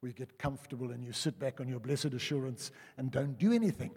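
An older South African man preaching a sermon, telling personal stories in a chatty way that swings between loud and hushed. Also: mid-range voice, quick pace, hardly any pauses, slightly rough. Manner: conversational storytelling, lively swings from loud to hushed. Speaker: pastor. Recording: reverberant church hall.

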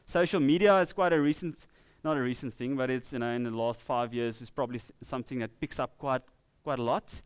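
A man with a South African accent preaching a sermon in church, earnest and conversational, slowing down to read scripture with emphasis. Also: mid-range voice, clear, resonant tone, dry recording. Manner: earnest, with laughing asides and slow emphatic scripture reading.

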